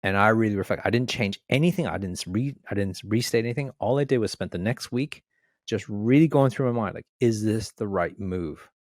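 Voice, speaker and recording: A man's voice: on the low side, a little fast, no room sound, clean studio sound. A man co-hosting a podcast, telling a personal story in a reflective, earnest way. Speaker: podcast co-host. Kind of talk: conversational podcast chat.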